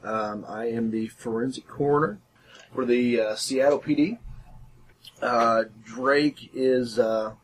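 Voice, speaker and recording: A man's voice: medium pitch, takes it slowly. A man playing in a tabletop game, casually describing his character with plenty of hesitation. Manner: relaxed, hesitant with fillers, laughs easily. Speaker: player. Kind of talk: casual chat. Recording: faint background noise.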